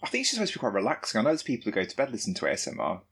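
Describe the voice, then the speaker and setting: A man's voice: medium pitch, wildly swooping pitch, rapid-fire, a bit bright, breathy edge. A man co-hosting a podcast in casual chat, dry and matter-of-fact. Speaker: podcast co-host.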